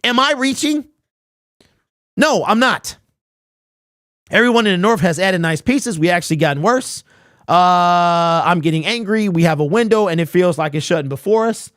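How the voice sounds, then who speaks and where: Blunt ranting high-voiced man, dry close mic. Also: moderate pace, a bit bright, dry recording. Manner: blunt and ranting, with rhetorical questions. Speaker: host. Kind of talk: live-stream sports talk, reading chat.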